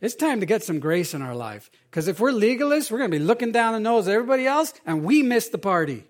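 A middle-aged man, a pastor, preaching a sermon in an animated, conversational way, asking his audience questions. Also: high-pitched, fast.

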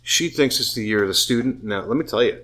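A man's voice: mid-range voice, fast, bright, forceful tone. A man chatting casually, tipsy and profane, rambling with restarts. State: drunk. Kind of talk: casual chat.

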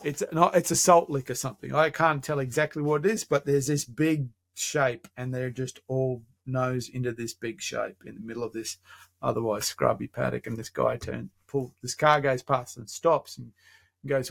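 An Australian man telling a casual anecdote, animated and acting out the lines of the people in it. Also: medium pitch, normal speed, gravelly. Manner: animated, acts out quoted dialogue.

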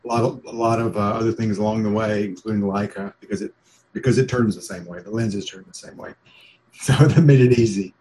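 A man's voice: lowish voice, steady tone, brisk, a little mellow, slight background noise. An older man from New Jersey, a guest chatting easily on a podcast. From New Jersey, United States. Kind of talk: casual podcast chat.

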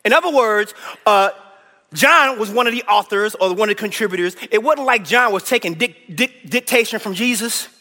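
Preaching a Bible lesson at a moderate pace, a man speaks in a high-sitting voice that's bright and forceful. His recording has the echo of a church hall, and he eagerly nudges the congregation to answer out loud.

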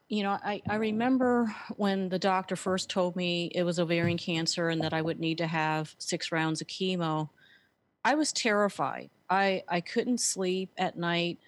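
A woman's voice: fairly low pitch, a little slow, no room sound. A woman telling her story earnestly as a guest, with frequent fillers. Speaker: guest, author and speaker. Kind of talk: conversational interview.

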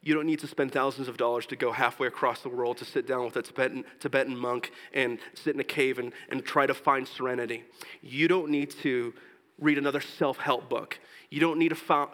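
A man preaching a sermon as pastor, earnest, slowing down for scripture and rising in pitch and force when he exhorts. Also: steady tone, fairly bright tone, long reverb tail, poor audio. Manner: slows down for scripture and tender points.

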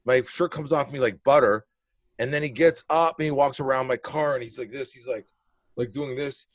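A man's voice: mid-range voice, moderate pace, no echo. A man spinning a rowdy anecdote, cursing and slipping into the voices of the people in it. His voice sits in an ordinary middle register, recorded in a dry, dead room. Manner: animated, profane, acts out quotes. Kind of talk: casual storytelling chat.

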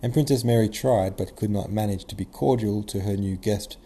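A man narrating a classic novel as an audiobook, measured and even-toned. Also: lowish voice, a little hiss or hum.

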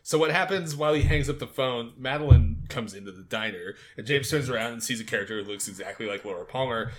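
A man co-hosting a casual recap podcast, animated, laughing often and acting out quotes from scenes. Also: medium pitch, fast talker. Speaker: podcast co-host.

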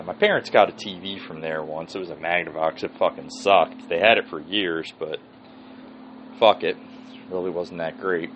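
A man rambles through a profane podcast story in a very low voice. A faint hum of background noise sits under his talk. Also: a bit bright, poor audio. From Philadelphia area. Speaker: podcast host. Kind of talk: solo podcast monologue.

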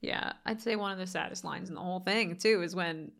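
A woman co-hosting a podcast in casual chat, emotional and expressive, laughing and crying easily. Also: fairly low pitch, fairly quick, creaky. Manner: emotional, laughs and cries often; animated and expressive. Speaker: podcast co-host.

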